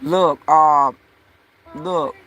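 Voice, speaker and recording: A woman's voice: low voice, fairly even intonation, very slow, a bit bright, dull audio. A woman vlogger talking to her viewers in a casual, frustrated, repetitive way. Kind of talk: casual talk to camera.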